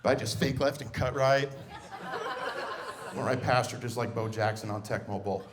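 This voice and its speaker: A man's voice: mid-range voice, moderate pace, background noise. A middle-aged man doing stand-up comedy on a club stage, telling family stories and acting out scenes as he goes. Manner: animated storytelling, acting out scenes.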